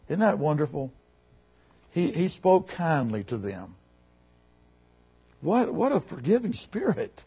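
A man preaching a sermon, swinging between loud emphatic phrases and quiet, lowered passages, reading scripture to his congregation. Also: sing-song, normal speed, long pauses, breathy edge. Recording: muffled, lo-fi recording.

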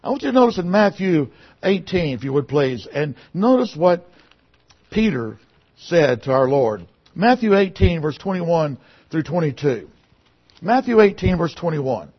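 Husky-voiced preacher with dramatic swings. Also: male voice, very animated, unhurried, long pauses. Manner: dynamic, swinging between loud emphasis and quiet lowered tones. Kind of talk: sermon. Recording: muffled, lo-fi recording.

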